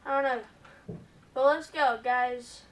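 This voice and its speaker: A woman hosting a gaming video, giving excitable gameplay commentary and often calling out to her viewers. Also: sits high, takes it slowly, far from the mic. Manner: excitable, keeps addressing viewers as "guys".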